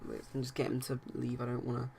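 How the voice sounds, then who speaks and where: A man voicing an upset young man from a life-sim game, yelling accusations at a friend he trusted. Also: mid-range voice, completely flat delivery, fast talker, creaky, slight background noise, close to an everyday voice. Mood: hurt, angry.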